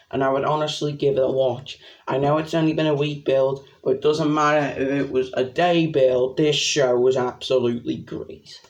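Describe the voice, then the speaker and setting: A young man giving a rambling, excitable spoken review of a wrestling event. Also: medium pitch, creaky.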